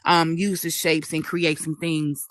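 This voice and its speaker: A woman's voice: low voice, little pitch movement, unhurried, fairly bright tone, no echo. A woman who works as a virtual news interviewer, telling her story in casual chat and getting emotional and tearful.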